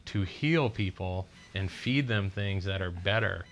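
A man's voice: deep voice, measured pace, slight background noise. A man on a podcast, recorded in a hospital room, ranting in casual, profane, emphatic chat.

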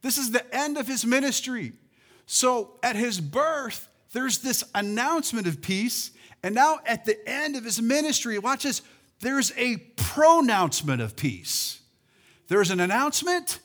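This is a male pastor with a high voice, preaching a sermon in a church sanctuary. He is animated and calls on his congregation, and his delivery swings from loud to soft. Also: measured pace. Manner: animated preaching with call-and-response and swings in loudness.

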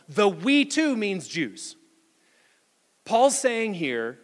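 A male pastor preaching a sermon in a church, reading scripture aloud and explaining it with animated delivery. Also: high voice, very slow, big-room sound. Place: church sanctuary.

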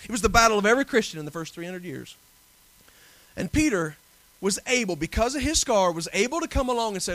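A man preaching a sermon earnestly, building at times to forceful emphasis. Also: high voice, expressive, fast, dry recording. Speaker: pastor.

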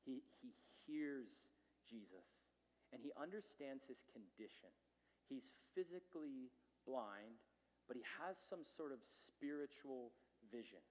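A man preaching a conversational sermon, with many fillers, who drops to a hush and then rises to loud, urgent peaks. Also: medium pitch, animated, measured pace. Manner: conversational, with fillers and dramatic swings in loudness. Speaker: pastor. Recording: long hall reverb.

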